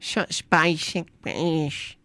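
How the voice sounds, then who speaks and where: A man putting on a deliberately mangled, mocking British accent, playing an exaggerated British bloke during casual livestream chat. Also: sits high, a bit bright, clear, resonant tone, dry recording, voice pushed up.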